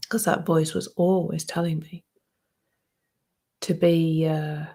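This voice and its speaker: A woman in her fifties giving a soft-spoken, reflective personal talk that often sinks to a hushed near-whisper. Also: low-pitched, level tone, takes it slowly, slightly rough. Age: 50s. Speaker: speaker sharing a personal reflection.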